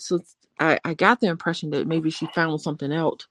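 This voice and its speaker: A woman's voice: low voice, fairly even intonation, brisk, a bit bright, no echo. A woman co-hosting a casual live-stream chat as a relationship therapist, thoughtful and hesitant, with fillers.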